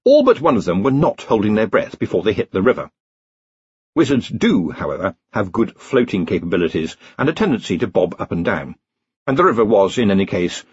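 Husky, expressive male storyteller. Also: fairly low pitch, normal speed, no echo, lo-fi sound. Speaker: audiobook narrator. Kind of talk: scripted narration.

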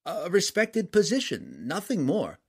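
A man's voice: huge pitch swings, breathy edge, full character voice. Stammering, scheming small merchant in a storybook, put on by a man reading aloud. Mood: pleading. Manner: halting, stammering, raised pitch.

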